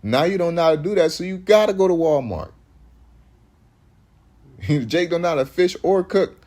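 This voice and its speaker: A man's voice: fairly high pitch, normal speed, darkish tone. A man, preaching in loose street talk that rambles, restarts often and hits points with emphasis.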